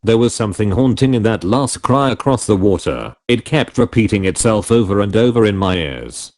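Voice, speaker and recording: Male audiobook narrator, low voice, lively first-person reading. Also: normal speed.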